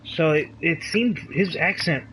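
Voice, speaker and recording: A man's voice: a little high, measured pace, fairly bright tone, soft background music, rough recording. A man reviewing a movie in casual chat, laid-back and often saying "dude" and "like".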